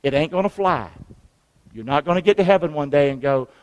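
A man's voice: fairly high pitch, expressive, fairly quick, big-room sound, muffled recording. A man, a pastor preaching a sermon with call-and-response to his congregation. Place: church sanctuary.

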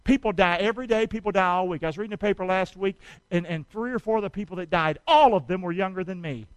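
A man preaching a sermon, calling on the congregation to repeat after him and swinging between shouts and quiet asides. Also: high-pitched, fast talker, no room sound, poor audio. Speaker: pastor.

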